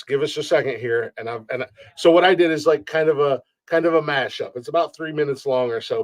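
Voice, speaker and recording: A man's voice: medium pitch, dry recording. A man hosting a casual podcast chat, rambling and swearing freely, with many restarts. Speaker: podcast host. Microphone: remote call setup.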